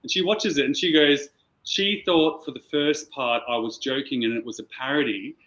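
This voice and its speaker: A man's voice: mid-range voice, moderate pace, a bit bright, rough recording. An Australian man chatting as a guest on a video call, telling a rambling story with plenty of swearing. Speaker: client guest. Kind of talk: casual chat.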